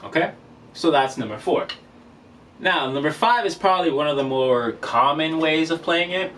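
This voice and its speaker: A man with a slightly high voice, at normal speed, counts off beats between the rudiment exercises he's teaching in a casual drum vlog. A camera mic records him from a distance, and faint room noise is audible.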